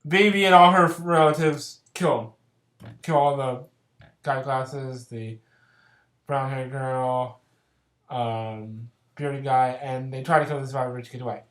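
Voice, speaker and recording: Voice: mid-range voice, steady tone, unhurried, a bit bright, echoey room. A casual vlogger rambling through a film plot recap with lots of fillers and giggles. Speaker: vlogger reviewing films.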